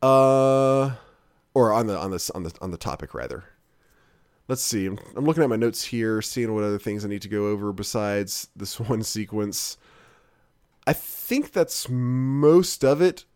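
A man's voice: fairly low pitch, animated, unhurried, a little mellow, smooth. A man hosting a casual chat, rambling and swearing freely with many restarts. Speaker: podcast host.

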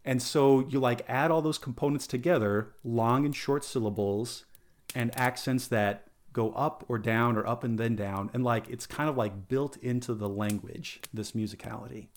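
A man in a casual podcast conversation, rambling and enthusiastic. He talks in a middling voice, restarting sentences and filling pauses with um and like. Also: medium pitch, steady tone. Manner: enthusiastic, rambling, lots of fillers.

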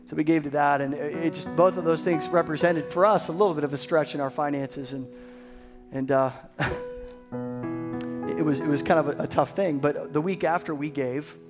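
A pastor telling a personal story in a sermon, building to excited emphasis. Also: male voice, a little high.

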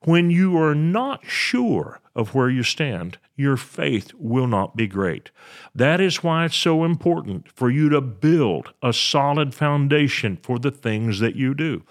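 A man's voice: medium pitch, sing-song, takes it slowly. A man teaching a sermon, reading scripture aloud and explaining it in an earnest, expository way. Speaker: Bible teacher.

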